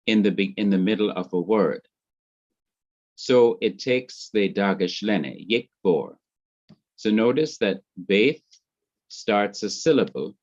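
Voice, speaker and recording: A man with a Jamaican accent teaching Hebrew grammar in a classroom lecture, speaking slowly and deliberately and repeating his points. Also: lowish voice. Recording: muffled lo-fi classroom recording.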